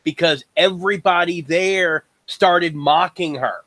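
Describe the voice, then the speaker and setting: Bright-voiced man making sarcastic remarks. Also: on the high side, a little slow, no room sound, poor audio. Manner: sarcastic, hesitant with restarts. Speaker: podcast co-host. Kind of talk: casual podcast commentary.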